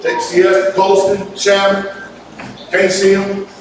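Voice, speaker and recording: A man preaching a sermon as pastor, lively and folksy, with call-and-response and sudden shouts. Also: high-pitched, unhurried, background noise. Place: church hall. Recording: echoey hall from far off. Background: congregation laughter.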